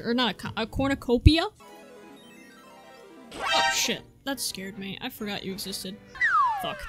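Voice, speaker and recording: High, lively young woman playing a game. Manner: excitable, swears freely, reads game text aloud. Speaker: gaming channel host. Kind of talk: let's-play commentary. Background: faint game music.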